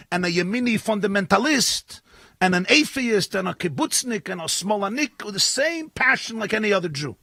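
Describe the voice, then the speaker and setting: A man, a rabbi, giving a lively sermon at a live gathering, telling stories and acting out the voices in them. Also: high voice, vocal fry, husky, no echo. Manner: animated storytelling, acting out voices, rising to shouts. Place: live event with an audience.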